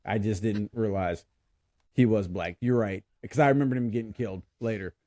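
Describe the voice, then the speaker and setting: A man's voice: lowish voice, normal speed, mellow, no echo. A man hosting a podcast in casual chat, laughing often and stumbling over his words. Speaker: podcast host.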